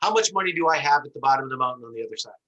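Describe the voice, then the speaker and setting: Animated bright-voiced man teaching online. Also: medium pitch, rapid-fire, muffled recording. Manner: animated storytelling, acts out voices. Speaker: instructor. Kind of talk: online class lecture. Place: online video class.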